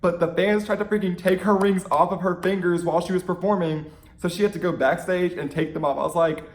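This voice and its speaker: A young man telling an excited fan story in a casual vlog, gushing and full of "like"s. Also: high voice, fairly quick, roomy sound. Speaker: vlogger.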